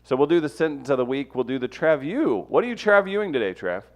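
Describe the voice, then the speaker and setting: A man hosting a casual podcast, teasing his co-hosts with quick, animated asides. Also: a little high, lo-fi sound. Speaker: podcast host.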